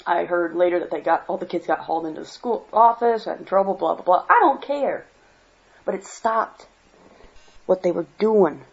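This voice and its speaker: A woman's voice: fairly low pitch, lively intonation, moderate pace, vocal fry. A woman from Michigan giving a worked-up personal monologue as a vlogger, blunt and swearing freely. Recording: dull lo-fi home recording.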